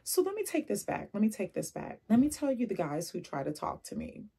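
Husky woman vlogger telling stories. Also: mid-range voice, fairly quick. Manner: animated storytelling with laughs and asides. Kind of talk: casual chatty vlog.

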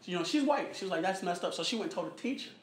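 A young man in his early twenties telling a personal story in casual conversation, animated and acting out what people said, often asking "you know what I'm saying". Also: high voice, very fast. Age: young adult, about 21. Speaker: interviewee in a photo project. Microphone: recorded conversation played back in the talk. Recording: echoey room with faint background noise.

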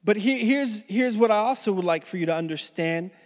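High-voiced male pastor, loose and animated storyteller, preaching in a reverberant church hall. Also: a little fast. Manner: animated, casual, restarts phrases often. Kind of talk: conversational sermon storytelling. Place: church sanctuary.

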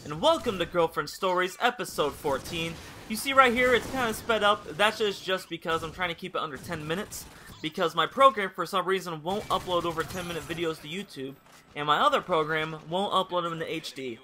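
A man's voice: sits high, a little fast, sharp tone, a little hiss or hum. A young man casually telling a rambling personal story over gameplay commentary, candid and swearing freely. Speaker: gaming channel host.

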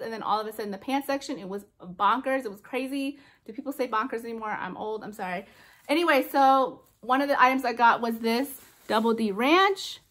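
A young adult woman chatting excitedly in a casual haul vlog, gushing over her finds. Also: fairly high pitch. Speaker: reseller vlogger.

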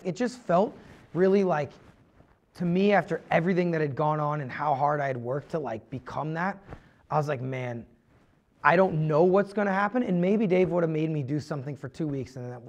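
A man's voice: a little high, highs cut off. A young man telling his own story on a podcast, earnest and confessional, rambling with many fillers and restarts. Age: young adult. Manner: rambling, heavy use of "like" and restarts. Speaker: podcast guest.

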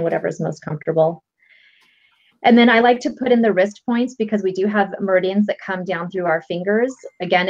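A woman guest coach calmly walking listeners through a tapping technique step by step, with a patient, explanatory manner. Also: fairly low pitch. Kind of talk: instructional explanation. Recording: lo-fi dull audio.

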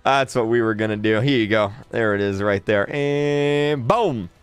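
A man's voice: lowish voice, a little slow, clean tone, no room sound, soft background music. A man streaming live and reading his chat aloud. He is exasperated, repeats himself, stammers and breaks into laughs. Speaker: livestreamer. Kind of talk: livestream chat commentary.

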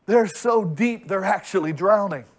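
A man preaching a lively sermon as pastor, conversational and funny, acting out characters and building to shouts. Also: high voice, unhurried. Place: church sanctuary.

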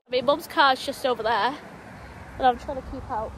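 High-voiced young woman vlogging outdoors. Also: a little fast, slight background noise, low-quality recording. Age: 20s. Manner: chatty, breaks off to call her dog. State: out of breath from walking. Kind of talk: casual vlog chat. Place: outdoors on a countryside walk.

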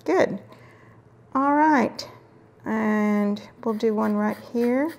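A middle-aged woman hosts a casual crafting tutorial, chatting warmly as she works and sometimes drifting into murmurs to herself. Her voice sits on the high side, creaky, with drawn-out words.

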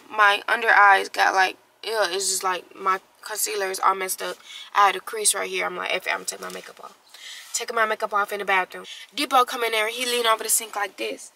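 A young woman vlogger telling a story casually, slangy and animated, acting out what others said. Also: fairly high pitch, poor audio. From Texas. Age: young adult. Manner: animated, slangy, acts out quotes.

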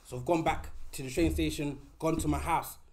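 A man in his thirties with an East London accent, a podcast guest telling a story in animated, slangy casual talk. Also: on the high side, fairly quick.

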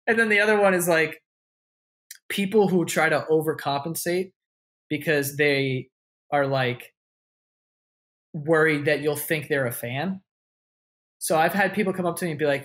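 A man's voice: a little high, fairly quick, a bit bright. A young man, a podcast guest telling stories casually, swearing freely and acting out what other people said. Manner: swears freely, acts out quoted voices. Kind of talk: casual interview storytelling.

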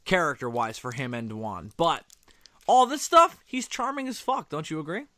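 Man, movie commentary co-host, chatty, reacts to the screen, lively pitch, dry sound. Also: normal speed, no echo. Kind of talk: casual movie commentary chat.

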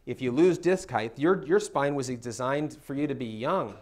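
A man's voice: mid-range voice, normal speed, a little mellow. A spine surgeon, a man, giving an educational talk for patients, explaining step by step and often checking in with "okay?".

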